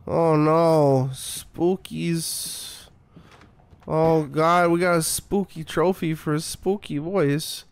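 A man's voice: on the high side, steady tone, slow, clear, resonant tone, dry recording. A man streaming a horror game, commenting with sarcastic, profane jokes. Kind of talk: casual gameplay commentary.

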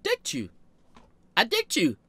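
A young man telling a funny personal story in a storytime vlog, animated and profane with sudden jumps in pitch and loudness. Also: slow pace, breathy edge, no echo. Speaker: vlogger.

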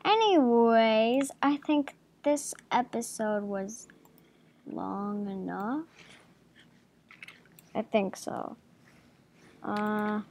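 A woman's voice: fairly high pitch, wildly swooping pitch, slow, long pauses, a little mellow, slight background noise. A woman hosting a gaming channel, giving playful, giggly gameplay commentary at her home computer and chatting to the game's creatures.

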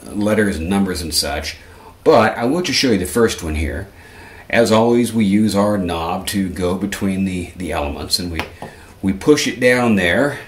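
Guy walking thru amp settings, kinda low voice, chatty and wry, roomy echo. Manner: chatty, self-correcting, dry asides. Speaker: guitar lesson host. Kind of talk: casual demo tutorial.

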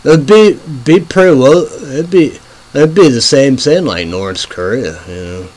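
A man's voice: medium pitch, animated, a little slow, darkish tone, low-quality recording. A man hosting his own online show in casual rambling talk, full of "you know" fillers and swearing. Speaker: show host.

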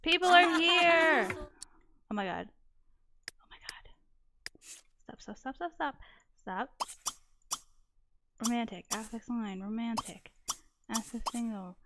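A young woman giving excitable let's-play commentary as she urges her characters on. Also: on the high side, a little slow, long pauses. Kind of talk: casual gameplay commentary. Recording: noticeable background noise.

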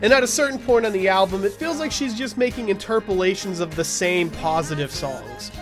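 A man's voice: sits high, a little fast. A man hosting a weekly music review show, reading scripted album verdicts in a wry, blunt way.

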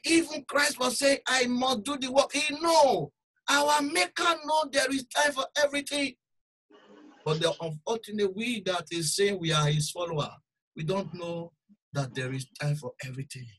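A bright, high-voiced man preaching. He moves between loud, urgent exhortation and quiet, low asides. His tone stays sharp and forceful throughout. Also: poor audio. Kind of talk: sermon.

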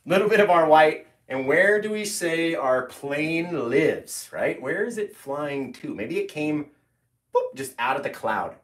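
A painting instructor runs a live tutorial from his home studio, easygoing, playful and often laughing. His voice sits fairly high, swings widely in pitch, and moves at an unhurried pace. The room is echoey.

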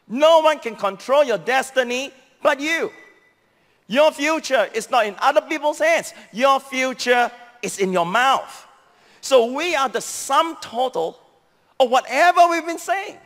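A man's voice: a bit bright, big-room sound. A man with a Singaporean English accent preaching a sermon as a pastor, emphatic and repetitive, stressing key phrases. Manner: emphatic preaching, repeating key phrases, sweeping pitch swings.

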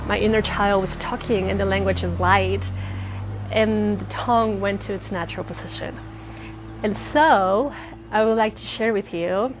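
A woman's voice: mid-range voice, vocal fry, slight background noise. Earnest woman in her thirties with a slight lisp. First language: Spanish. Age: 30s. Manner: earnest, rambling, laughs often. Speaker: spiritual vlogger. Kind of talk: casual personal talk. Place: outdoors near a road. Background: passing cars.

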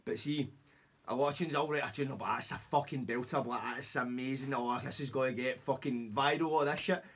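Husky, rapid Scottish man, sweary. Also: medium pitch, steady tone, fairly bright tone. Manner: sweary, rambling anecdotes with acted-out quotes. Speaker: podcast host. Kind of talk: casual podcast chat.

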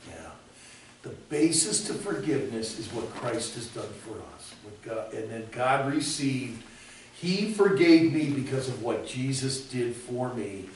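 A man giving a classroom lecture on ministry, emphatic and speaking directly to his students. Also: mid-range voice. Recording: echoey room, mic far off.

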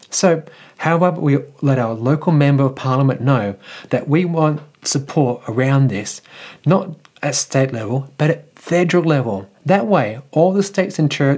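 Brief: Australian male vlog host, husky voice, chatty and jokey news delivery. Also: mid-range voice, darkish tone. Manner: chatty, jokey, enthusiastic asides. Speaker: electric vehicle news host.

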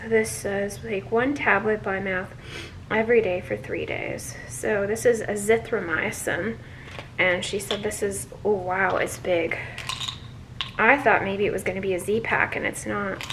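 A woman recording a casual personal vlog at home while she is sick, with a runny nose and a sore chest. She talks softly and often drops to a whisper. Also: medium pitch, fairly even intonation, a little slow, noisy background. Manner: soft-spoken, often dropping to a whisper. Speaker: vlogger. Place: at home, indoors.

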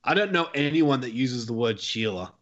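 An Australian man talks casually as a podcast guest, easygoing and quick to laugh along. His voice sits at a middling pitch. The recording sounds dull and muffled. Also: animated, fairly bright tone.

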